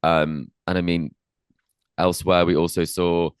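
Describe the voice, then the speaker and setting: A man with a very deep voice co-hosting a tennis podcast in a relaxed, chatty way. He fills his talk with ums and I means as he thinks aloud. The recording is dry and close, with no room sound. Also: unhurried, clean tone, dry recording. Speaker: podcast co-host. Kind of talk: casual tennis chat and interviewing.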